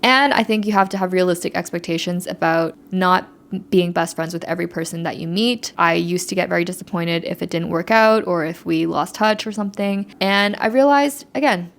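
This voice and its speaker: A woman's voice: lowish voice, fairly quick, gravelly. A young woman with a Canadian accent talking candidly in a chatty Q&A vlog. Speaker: YouTuber.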